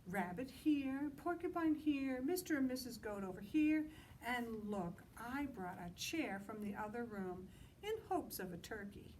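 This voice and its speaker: A woman's voice: fairly high pitch, expressive, unhurried, darkish tone, distant mic, a little hiss or hum, voice pushed up, rough recording. A woman reading a storybook aloud, voicing a cheerful, motherly female moose who welcomes her guests. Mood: delighted.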